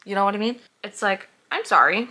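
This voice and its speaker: A woman's voice: mid-range voice, animated, brisk, sharp tone, slight background noise. A young woman reviewing books in a casual vlog, heated and sarcastic, swearing freely as she reacts. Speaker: book reviewer.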